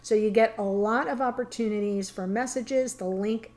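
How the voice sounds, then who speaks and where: A woman with a slightly high voice gives a tarot reading. She speaks straight to her viewers, earnest and openly emotional. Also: normal speed, darkish tone. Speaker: tarot reader. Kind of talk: casual tarot reading to camera.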